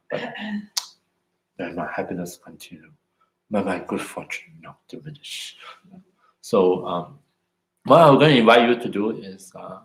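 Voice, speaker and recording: A man with a fairly low voice gives a calm, reflective dharma talk and eases into a guided meditation. He speaks unhurriedly and often checks in with "isn't it?" or "no?". His voice carries a roomy echo. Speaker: meditation teacher.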